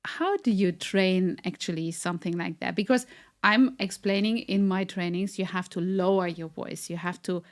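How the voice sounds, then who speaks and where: A woman hosting an interview, speaking as a with many fillers and pauses. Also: fairly low pitch. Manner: hesitant, many fillers, nonnative phrasing. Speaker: interview host, communication trainer. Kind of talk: podcast interview.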